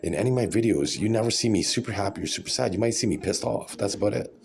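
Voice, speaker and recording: A man's voice: on the low side, racing, vocal fry, a little mellow. A man in his forties talking in a rambling, sarcastic, blunt casual vlog rant. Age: 40s. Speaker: vlogger.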